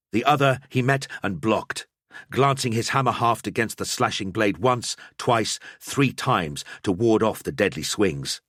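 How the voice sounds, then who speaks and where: A man's voice: lowish voice, a bit bright, dry recording, studio quality. A man narrating an audiobook, telling a battle scene in a dramatic storytelling style. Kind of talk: scripted narration.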